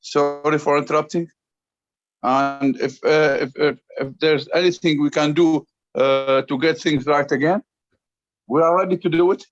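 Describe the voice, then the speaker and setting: Halting man on dull call audio. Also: a little high, steady tone. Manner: halting, many "uh"s and restarts, earnest and soothing. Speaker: group member and teacher. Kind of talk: hesitant, conciliatory remarks on a call. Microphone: online call.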